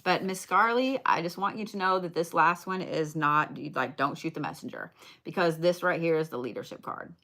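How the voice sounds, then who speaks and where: A woman's voice: low-pitched, normal speed, sharp tone. A woman doing a casual livestream card reading, blunt, chatty and full of swearing as she talks to viewers.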